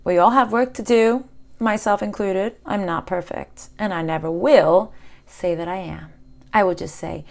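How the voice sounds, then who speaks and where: Woman tarot reader speaking to camera, impassioned, with sudden drops to hushed tones, mid-range pitch. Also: measured pace, gravelly. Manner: impassioned, swinging from loud outbursts to hushed near-whispers. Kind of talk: spiritual tarot reading to camera.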